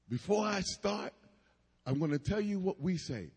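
A man's voice: high-pitched, animated, moderate pace, a little mellow, breathy edge, long reverb tail. A man preaching a sermon with emphatic cadence and asides to the congregation.

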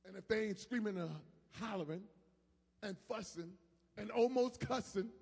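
A male pastor, preaching a sermon that swings from soft asides to shouted peaks. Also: high voice, moderate pace, vocal fry, breathy edge. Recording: long hall reverb.

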